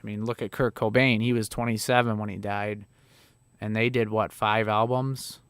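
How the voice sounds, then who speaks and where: A man's voice: fairly low pitch, flat delivery, moderate pace, smooth, no echo. A man in his thirties with a Chicago accent, chatting casually and rambling a bit with plenty of swearing as he reviews videos. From Illinois, USA. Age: 30s. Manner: rambling, profane, laid-back. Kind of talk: casual reaction chat.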